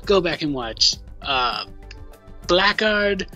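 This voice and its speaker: A man talks casually on a live stream, loose and quick to swear, answering a co-host off mic. His voice is bright and lively, rising and falling a lot, with soft music playing behind him. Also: high voice, dull audio.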